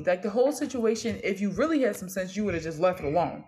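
A woman's voice: mid-range voice, lively intonation, fast, darkish tone. A young adult woman co-hosting a casual gossip podcast, talking in a blunt, opinionated and slangy way. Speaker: podcast co-host.

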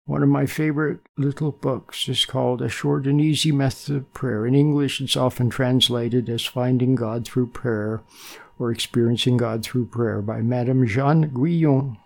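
An older man gives a spiritual talk on meditation in a soothing, unhurried way. His mid-pitched voice carries a gravelly edge. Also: steady tone, a little mellow. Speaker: meditation teacher.

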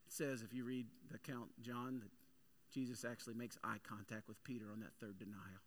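A male pastor preaching a sermon with energetic, animated storytelling. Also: medium pitch, fairly quick.

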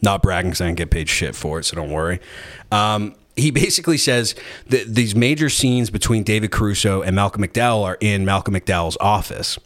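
A man's voice: fairly low pitch, a little fast. A man hosting a casual chat, retelling a story in a rambling, sarcastic, profane way.

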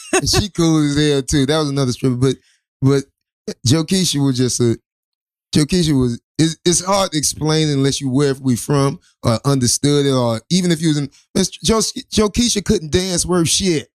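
A man's voice: a little high, normal speed, no echo, studio quality. Profane rambling male storyteller. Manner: loose, profane, rambling storyteller with many restarts. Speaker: co-host. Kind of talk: casual storytelling chat.

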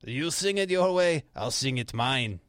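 A man playing a lanky young Canadian store worker who speaks with a terrible put-on French accent, in a slow, hammy, self-assured manner. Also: medium pitch, animated, fairly bright tone.

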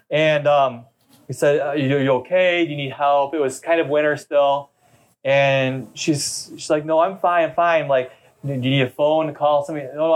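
A middle-aged man, a pastor, preaching a sermon in a chatty, storytelling way during a church service. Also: on the high side. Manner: conversational storytelling preacher, talkative.

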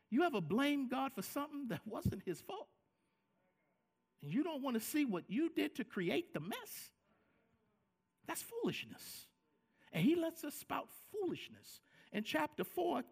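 Animated, gravelly-voiced preaching man. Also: extremely high pitch. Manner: animated preaching, acting out quoted lines, repeats words for emphasis. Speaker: pastor. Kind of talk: sermon.

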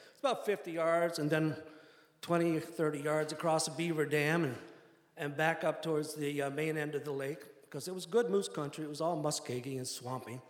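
An older man with a slightly high voice tells a personal story to a live audience, wry and self-deprecating, often laughing through his lines. The hall is echoey with a long reverb.

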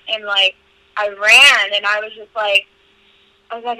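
A woman's voice: medium pitch, little pitch movement, normal speed, bright, forceful tone, dry recording, poor audio. A young woman guest on a podcast, telling stories in a candid, profane way full of "like" fillers. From California. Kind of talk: casual storytelling interview.

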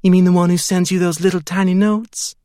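A man's voice: high voice, flat delivery, brisk, warm tone, no room sound, studio quality, pitched above the performer's own voice, natural voice. Man voicing a cooing, clingy woman. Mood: pleading. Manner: cooing, pleading, baby talk. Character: clingy, doting woman with a soft voice. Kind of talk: audiobook reading.

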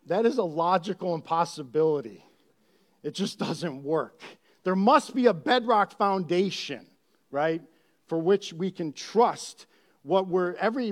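A man preaching a sermon. He keeps asking rhetorical questions and talks in an animated way. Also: high-pitched. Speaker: pastor.

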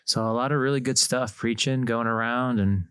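A man's voice: medium pitch, normal speed, fairly bright tone, clean tone, no room sound. A young man, a deacon, chatting casually on a podcast, laughing easily with lots of fillers. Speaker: deacon and seminarian, co-host. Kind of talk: casual chat.

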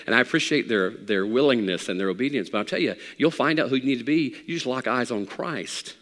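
A middle-aged man preaching a sermon as pastor, animated and rising to near shouts. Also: medium pitch, fairly quick, hardly any pauses, in a large hall. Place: church sanctuary.

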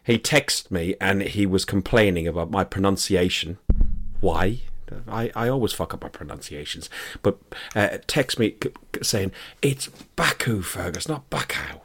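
A man's voice: sits low, moderate pace, slight background noise. A man with an Irish accent hosting a casual chat podcast, tired and rambling, joking about himself. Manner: joking, rambling, self-mocking. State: tired after a long drive and a late night. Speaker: podcast host.

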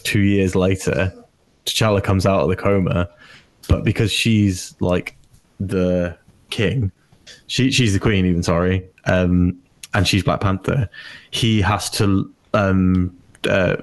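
A man with a somewhat low voice chats about films with friends on a podcast. He talks with eager enthusiasm, filling pauses with likes and ums as he rambles on. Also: fairly even intonation. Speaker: podcast co-host. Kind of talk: casual movie chat.

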